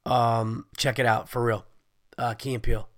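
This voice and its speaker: Profane rambling host with a cold. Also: male voice, mid-range voice, flat delivery, normal speed, no room sound, studio quality. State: has a cold, congested voice. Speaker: podcast host. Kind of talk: casual monologue.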